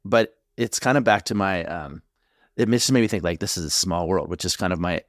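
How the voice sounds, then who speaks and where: Middle-aged guy, deep low voice, therapist podcast host, halting reflective chat, dry sound. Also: dry recording. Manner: reflective, halting, many restarts and fillers. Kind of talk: casual conversational podcast chat.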